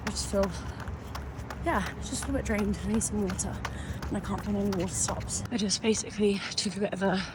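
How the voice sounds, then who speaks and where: A young woman talks to her camera while she runs outdoors. Her voice sits in a middle pitch, and she sounds out of breath and worn out as she chats and coaches herself along. Outdoor noise is clearly audible behind her. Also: steady tone, a little fast. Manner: chatty, self-talk while running, often breathless and weary. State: out of breath, exhausted. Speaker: vlogger. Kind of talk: running vlog, talking to camera. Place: outdoors, on a run. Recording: noisy outdoor ambience.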